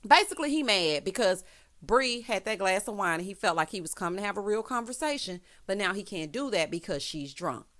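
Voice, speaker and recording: Brief: woman vlogger, casual reality TV recap, sassy and animated, medium pitch. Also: brisk. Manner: sassy, animated, with frequent exclamations.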